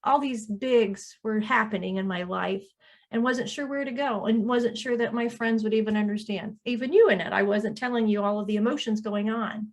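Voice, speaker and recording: A woman co-hosting a casual chat, sharing a personal memory in a gentle, earnest way. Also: mid-range voice, normal speed. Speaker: co-host.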